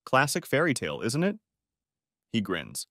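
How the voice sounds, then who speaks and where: A man narrating a dramatic story as an audiobook in an expressive storytelling manner. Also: medium pitch, moderate pace, no room sound, clean studio sound.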